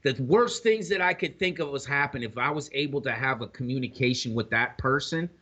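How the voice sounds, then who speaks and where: A man's voice: mid-range voice, fairly quick, bright, forceful tone. A man co-hosting a podcast, talking in a rambling, streetwise way with frequent "you know what I'm saying" asides. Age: older than co-host. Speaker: podcast co-host. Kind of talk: casual podcast chat.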